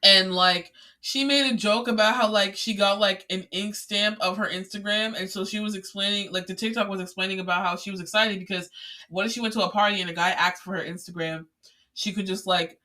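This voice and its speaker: A young adult host talks alone into a podcast mic in a loose, rambling way, piling up fillers and restarts. The tone turns exasperated and incredulous when ranting. The voice sits bright and forward at a middling pitch. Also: fairly even intonation, a little fast. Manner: chatty, rambling, many filler words. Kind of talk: casual solo podcast monologue.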